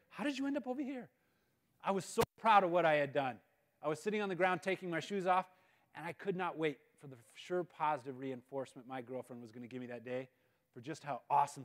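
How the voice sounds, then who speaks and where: A man in his thirties, a guest speaker telling a personal story, acting out the quoted lines and dropping to quiet asides. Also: fairly high pitch. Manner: animated storyteller, acts out quoted lines, drops to near-mutters for asides. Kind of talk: storytelling speech. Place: school event space.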